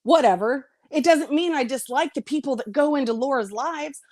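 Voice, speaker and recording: A woman's voice: high voice, normal speed, darkish tone, no room sound, studio quality. A woman YouTuber ranting to her viewers on her vlog, blunt and confrontational, swearing freely. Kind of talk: heated vlog rant to viewers.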